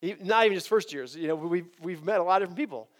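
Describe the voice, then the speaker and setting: High-voiced man preaching animatedly. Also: very fast. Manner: animated, restarts often, asks rhetorical "right?". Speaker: campus preacher. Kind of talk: sermon to college students.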